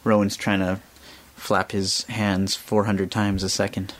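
Man, kids' radio host, unhurried, easygoing, simple explanations. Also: fairly low pitch, little pitch movement. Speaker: radio host of a children's music show. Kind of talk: casual radio chat with kids.

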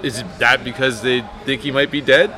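Canadian male co-host, bright sharp voice, teasing dark humor, live from a bar. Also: medium pitch, fairly even intonation, brisk. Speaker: podcast co-host. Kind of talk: casual live chat. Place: sports bar.

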